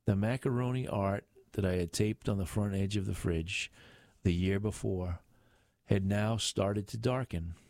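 Low, measured older male narrator. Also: darkish tone, no room sound. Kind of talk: memoir audiobook narration.

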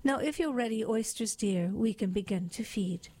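A woman voicing a pompous, sentimental old male walrus in a radio poetry reading, raising her pitch slightly. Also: moderate pace, warm tone, natural voice. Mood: beseeching.

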